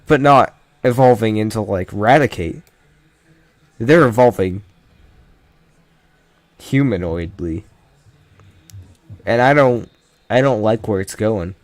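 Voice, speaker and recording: Guy chatting slow and loose, joking around, trails off a lot, dry mic. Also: on the low side, dry recording. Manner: rambling, jokey, trails off mid-sentence. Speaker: YouTuber ranking Pokémon. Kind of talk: casual commentary.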